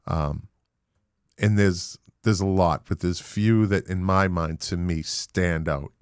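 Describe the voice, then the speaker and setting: A man with a Boston accent hosting a podcast interview, animated and emphatic, with casual swearing. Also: sits low, slow pace, clean tone, dry recording, studio quality. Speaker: podcast host.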